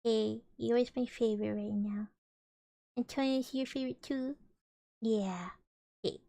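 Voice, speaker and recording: A woman's voice: a little high, steady tone, unhurried, vocal fry, long pauses, warm tone, dry recording. A young woman streamer reading a storybook aloud with playful, chatty asides to her viewers. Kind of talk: casual storybook read-aloud with chat.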